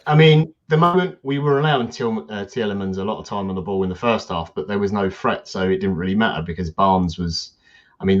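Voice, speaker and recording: A man in his thirties co-hosting a football podcast, blunt and chatty. His voice sits low, and the recording sounds a little dull and lo-fi. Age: 30s. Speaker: podcast co-host. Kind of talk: casual football chat.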